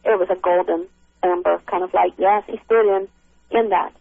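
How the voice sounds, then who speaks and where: Gravelly woman on a tinny phone line. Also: lowish voice, steady tone, dry recording, faint music behind. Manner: halting, with many restarts and fillers. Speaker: caller recounting an encounter. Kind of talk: emotional first-person account.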